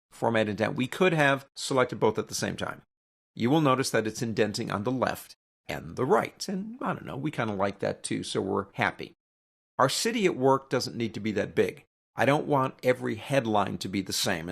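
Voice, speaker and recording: Male instructor with a gravelly edge; relaxed, chatty walkthrough with the odd wry rant. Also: medium pitch. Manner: casual, chatty, with joking opinionated asides. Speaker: teacher. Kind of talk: software tutorial walkthrough.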